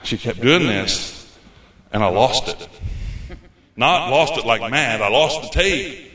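A man's voice: mid-range voice, pushed and bright. A man preaching a sermon as pastor, a folksy storyteller who acts out his own past words. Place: church sanctuary. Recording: echoey church hall.

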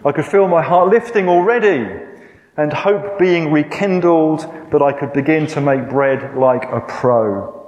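Self-mocking older preacher in an echoey hall. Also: male voice, medium pitch. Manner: self-deprecating, gently humorous, with fillers. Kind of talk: storytelling sermon. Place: church hall.

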